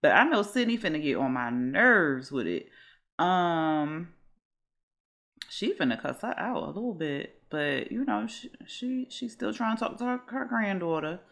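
A woman's voice: fairly low pitch, very animated, a little slow, creaky, a bit bright. Chatty woman narrating a life-sim game. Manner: chatty, dramatic, addresses viewers as y'all. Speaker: let's play host. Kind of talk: casual gameplay commentary.

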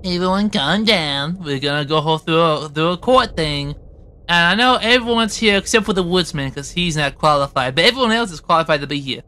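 A man's voice: fairly high pitch, animated, fairly quick, bright, forceful tone, a little hiss or hum. A man voicing a bossy woman who runs a trial in a goofy comedy fan dub, rambling and joking as he goes. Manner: rambling, joking, breaks character. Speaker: fan dubber.

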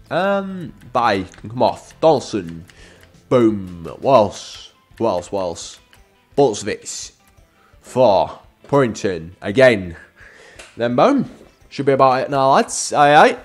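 Excitable man giving gameplay commentary. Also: medium pitch, slow pace, soft background music. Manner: excitable, keeps calling out to viewers as lads. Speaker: gaming YouTuber.

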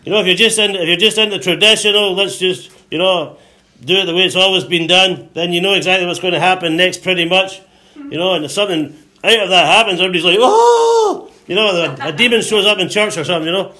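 High, bright-voiced male preacher. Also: quick pace. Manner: call-and-response preaching, frequent hallelujahs; acts out voices with sudden high shouts. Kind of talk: sermon.

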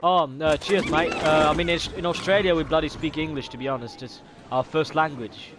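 A brash, foul-mouthed Aussie gamer bloke, put on by a young man trolling strangers in game voice chat. He talks in a slightly high voice, full of slang and casual curses. Clear gunfire and mouse clicks from the game sound behind him. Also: fairly even intonation, a little fast, background noise, lightly acted. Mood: confused. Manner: slangy, swears constantly, laid-back banter.

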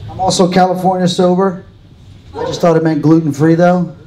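A man's voice: high voice, steady tone, a little fast, mellow, slight background noise, poor audio. A man from Louisiana doing a live stand-up set in a comedy club, dry and self-deprecating, chatting with the crowd. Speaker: stand-up comic.

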